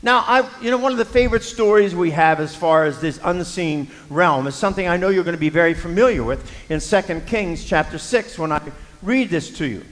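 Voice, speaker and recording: A man's voice: high voice, animated, fairly quick, hardly any pauses. A man preaching a sermon, telling a Bible story in a conversational way with frequent fillers and voiced quotes. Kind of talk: sermon with scripture reading. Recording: long hall reverb.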